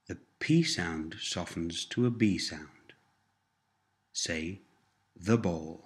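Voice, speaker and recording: Slow, low-voiced man teaching a language. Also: lively intonation. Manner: patient, repetitive prompts with careful explanations. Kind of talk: scripted language lesson drills.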